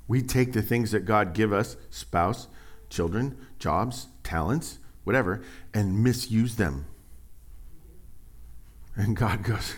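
A middle-aged man preaching a sermon, animated and joking, acting out voices as he tells stories. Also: on the low side. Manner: animated storytelling, acts out voices, jokes and sarcasm. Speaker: pastor.

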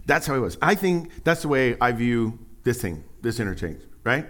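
A middle-aged man preaching a sermon, animated and joking, acting out voices as he tells stories. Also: mid-range voice, brisk, hardly any pauses. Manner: animated storytelling, acts out voices, jokes and sarcasm. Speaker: pastor.

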